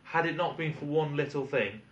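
This fairly high-pitched British man speaks at a normal speed with a fairly bright tone. He rambles through a long, exasperated restaurant anecdote in casual conversation, swearing as he rants in a British English accent. Audio is lo-fi, dull, distant and roomy.

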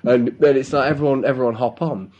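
Husky-voiced man chatting casually. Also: medium pitch, fairly even intonation, quick pace, darkish tone, lo-fi sound. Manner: chatty, rambling, laughs often, swears. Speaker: podcast co-host. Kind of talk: casual chat.

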